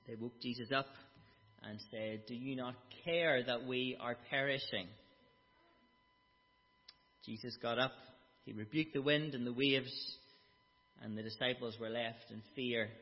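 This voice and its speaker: A man preaching a sermon, explaining a Bible passage with emphatic, dramatic quotes. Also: mid-range voice. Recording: dull sound with long hall reverb.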